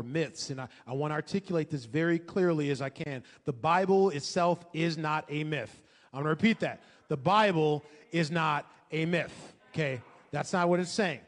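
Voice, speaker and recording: A man's voice: fairly high pitch, long reverb tail. A male pastor preaching a sermon to a congregation, emphatic and fond of rhetorical questions and repetition.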